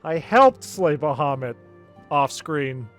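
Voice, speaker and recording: A man's voice: a little high, lively intonation, slow, a bit bright, faint music behind. A man streaming a video game, commenting casually with sarcasm and lots of swearing.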